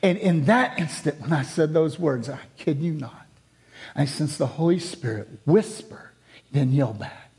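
A middle-aged male pastor preaching a sermon, telling a personal story earnestly, rising to fervent and dropping to hushed. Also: on the high side, animated, a little slow.

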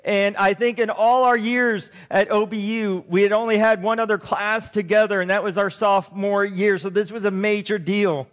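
A pastor in his forties delivers a sermon, weaving in a personal story. His voice sits high for a man, and he speaks earnestly and with open emotion to his congregation. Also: fairly even intonation, moderate pace, few pauses.

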